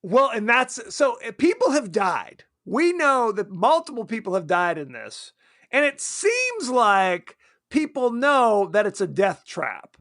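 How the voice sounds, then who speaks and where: Lively, high-voiced man chatting on a podcast. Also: no room sound, clean studio sound. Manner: animated, acts out characters in quick silly voices. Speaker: podcast co-host. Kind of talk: casual chat about a horror film.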